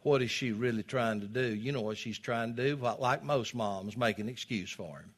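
A man preaching a sermon, swinging between loud emphatic peaks and low, quiet asides. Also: moderate pace, breathy edge. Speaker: pastor.

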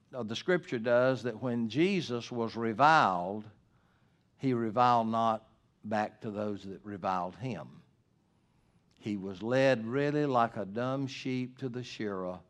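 A man preaching a sermon earnestly, moving between loud emphatic points and low, hushed asides. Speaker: pastor.

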